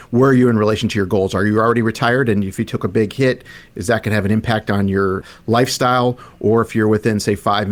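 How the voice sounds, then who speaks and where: A man from Arizona, a financial planner, talking loosely on a radio show with many "you know" fillers. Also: on the low side. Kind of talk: radio talk show chat.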